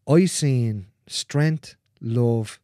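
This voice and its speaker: In a candid conversation, a male guest talks earnestly and repetitively, cursing freely and dropping to soft, almost whispered phrases. He speaks very slowly at medium pitch, recorded at studio quality with no room sound.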